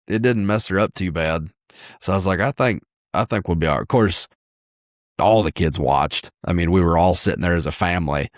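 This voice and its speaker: A man's voice: deep voice, no echo, clean studio sound. A man in his thirties, a podcast co-host, telling a rambling story in casual chat.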